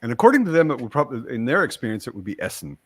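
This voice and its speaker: An American man hosts a relaxed conversation, his pitch rising and falling a lot as he goes. He rambles with wry asides, and the close mic gives a dry, flat sound with no room echo. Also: rapid-fire. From United States. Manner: chatty, wry, trails off into asides. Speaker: podcast host. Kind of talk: casual chat.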